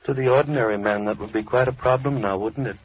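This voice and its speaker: An actor playing a lonely, menacing recluse in a 1940s radio drama, speaking slowly with cold, quiet politeness. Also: male voice, mid-range voice, natural voice. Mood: gently sinister. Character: soft-spoken menacing lonely male recluse. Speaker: villain. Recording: dull, faintly hissy old radio broadcast.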